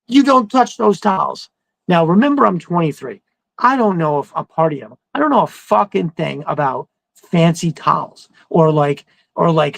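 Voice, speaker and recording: A man, a podcast host, telling a long personal story in casual chat, animated and acting out quotes in a raised voice, swearing freely. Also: on the high side, vocal fry, dry recording, rough recording.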